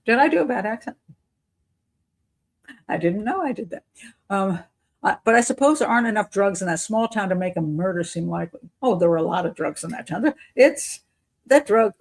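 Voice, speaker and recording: A woman streaming live commentary, reasoning out loud in loose, unscripted talk. She questions claims with a skeptical edge, restarts her sentences, and breaks into frequent chuckles. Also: lowish voice, vocal fry. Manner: thinks aloud, restarts sentences, chuckles often. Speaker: criminal profiler hosting a live show.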